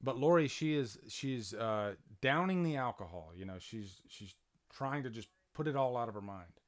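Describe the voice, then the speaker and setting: A man's voice: mid-range voice, lively intonation, normal speed. A man hosting a casual live-stream movie commentary from home, chatty, with many fillers and restarts, reading out and answering viewer comments. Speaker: channel host doing live movie commentary. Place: home, near a playing TV.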